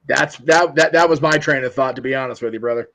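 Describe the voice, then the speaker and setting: A man's voice: medium pitch, fast talker, creaky, fairly bright tone. A man on a casual show who chats along with the host, repeats words and calls people brother. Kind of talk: casual chat.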